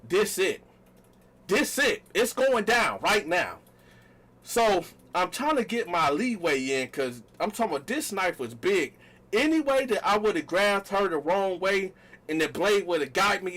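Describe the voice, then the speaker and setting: Animated high bright-voiced man telling a story. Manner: animated, talks straight to viewers, acts out quotes loudly. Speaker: storytelling vlogger. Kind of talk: casual storytime monologue.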